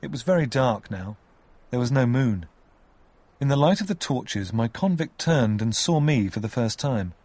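A man reading a story aloud with expressive narration. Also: mid-range voice, normal speed, dry recording.

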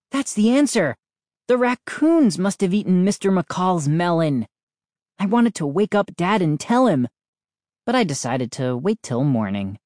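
A woman reading a storybook aloud in an expressive first-person narration. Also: low voice, dry recording, clean studio sound. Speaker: audiobook narrator.

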